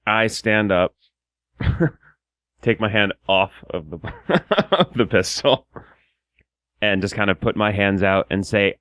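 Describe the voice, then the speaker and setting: A man, a guest player in a tabletop role-playing game, speaking in a measured, pleading way as his character. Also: on the low side, animated, fairly bright tone, dry recording, clean studio sound. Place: game cafe.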